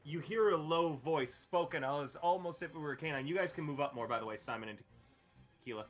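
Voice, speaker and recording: A man's voice: on the high side, a little fast, faint music behind. A man narrating as game master, explaining rules with lots of fillers.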